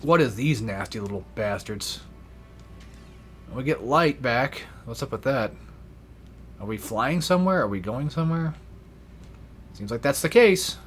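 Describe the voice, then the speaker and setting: A man's voice: medium pitch, animated, a little slow, pauses often, soft background music. A young man giving casual gameplay commentary, rambling and swearing freely with self-deprecating asides. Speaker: let's play gamer.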